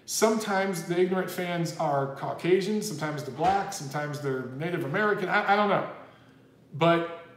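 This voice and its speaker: A man's voice: fairly high pitch, normal speed, echoey room. A man hosting a casual livestream, chatty and rambling as he reads viewer messages aloud. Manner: chatty, rambling, says dude a lot. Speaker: boxing livestream host. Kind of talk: casual livestream chat reading super chats.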